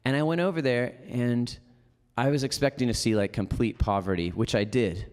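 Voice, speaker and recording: A Canadian motivational speaker delivers a storytelling keynote in a large, echoing hall before an audience. His medium-pitched, smooth voice moves at a normal pace, lively and casual, sprinkled with lots of "like" fillers.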